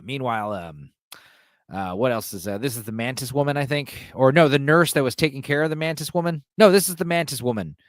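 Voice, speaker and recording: A man's voice: medium pitch, no echo, studio quality. Rambling man recapping a film. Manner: rambling, full of uh and you know; loose, mildly profane. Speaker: podcast host.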